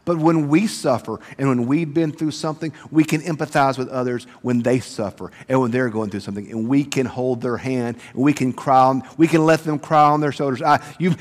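A pastor delivering a sermon, moving between hushed, tender passages and loud, rising preaching. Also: male voice, mid-range voice, fairly even intonation, brisk, hardly any pauses. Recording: reverberant church hall.

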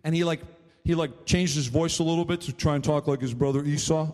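A man's voice: a little high, fairly even intonation, fast, a little mellow, long reverb tail. A man preaching a sermon, retelling a story in a loose, rambling way full of fillers. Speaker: pastor.

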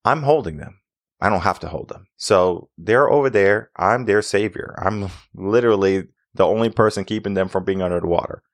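A man's voice: normal speed, no echo. A man hosting his own podcast as a mindset coach, telling a story earnestly and acting out the dialogue by lifting his voice. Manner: earnest, repetitive, acts out dialogue with a higher voice.

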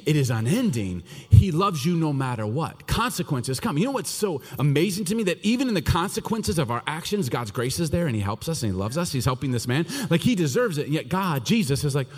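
A middle-aged male pastor delivering a sermon with a lively, swooping pitch and a faintly husky tone. He moves from loud, animated bursts down to quiet, hushed lines. His voice rings out with the long reverb of a large church hall. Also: brisk, hardly any pauses.

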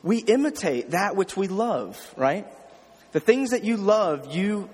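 A man's voice: high voice, big pitch swings, unhurried, a little mellow, husky, big-room sound. A man preaching an informal sermon, often checking in with the listeners. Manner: talks informally, checks in with "okay?" and "right?". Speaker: pastor. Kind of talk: conversational sermon.

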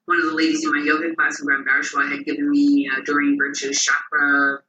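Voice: medium pitch, brisk, dull audio. An interview guest telling personal stories, acting out the voices of the people in them. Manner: animated, acts out quoted voices. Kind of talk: personal storytelling. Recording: roomy and distant.

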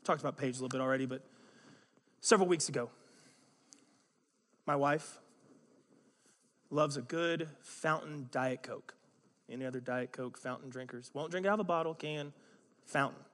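A man's voice: mid-range voice, moderate pace, pauses often, a bit bright. Man preaching in a reverberant hall. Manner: conversational storytelling with self-mocking humor. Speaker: pastor. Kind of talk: sermon. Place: church sanctuary.

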